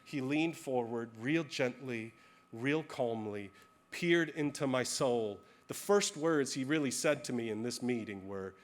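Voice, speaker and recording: A man preaching to his church, telling a story about himself with candor and a touch of self-deprecating humor. His voice sits at a middle pitch for a man, and he speaks conversationally from the pulpit. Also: measured pace. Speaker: pastor. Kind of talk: sermon.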